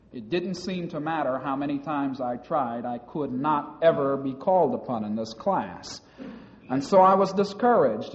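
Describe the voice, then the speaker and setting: In a reverberant hall, a man gives a public speech about his university days, recounting experiences at a measured pace with occasional hesitant restarts. His voice is mid-range and slightly mellow, and the lo-fi recording sounds dull.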